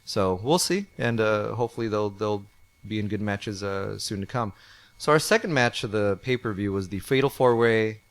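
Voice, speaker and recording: A man's voice: fairly low pitch, moderate pace. A man co-hosting a podcast, talking casually and rambling with many fillers and restarts. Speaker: podcast co-host. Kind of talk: casual wrestling review chat.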